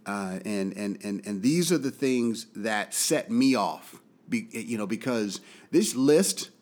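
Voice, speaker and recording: An American man giving an impassioned commentary monologue. He talks angrily and emphatically, repeats his points for force, and swings between loud outbursts and quiet, low drops. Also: lively intonation, slow pace. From United States. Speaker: political commentator.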